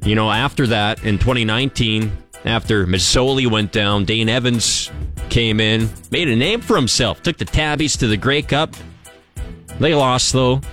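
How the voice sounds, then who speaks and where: A man's voice: mid-range voice, fairly bright tone. A young man from Canada hosting a sports radio show, chatting casually and joking at his own expense. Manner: chatty, joking, self-deprecating.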